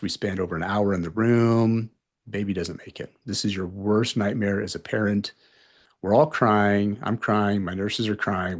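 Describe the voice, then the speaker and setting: Blunt, animated man telling ER stories. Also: fairly low pitch, breathy edge. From North Carolina. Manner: blunt, animated, acts out quoted exchanges. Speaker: emergency physician guest. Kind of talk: podcast interview storytelling.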